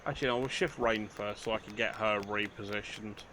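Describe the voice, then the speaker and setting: A man's voice: fairly low pitch, fairly even intonation, a little fast, pushed and bright, slight background noise. An older man, chatting casually through a let's play, joking at his own expense. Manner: chatty, self-mocking, dry humour, talks to game characters. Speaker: gaming channel host.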